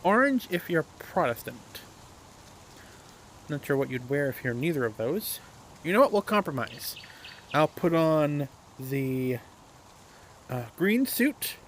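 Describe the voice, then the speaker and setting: A man's voice: on the high side, sing-song, slow, pauses often. A man hosting a gaming channel, giving casual, rambling commentary full of hesitations and filler words while he plays. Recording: loud game pressure-washer noise behind voice. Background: loud pressure-washer spray hiss.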